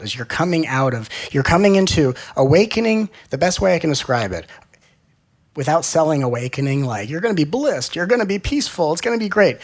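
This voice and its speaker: Playful man giving a spiritual talk. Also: medium pitch. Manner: animated, playful, acts out dialogue. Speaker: spiritual teacher.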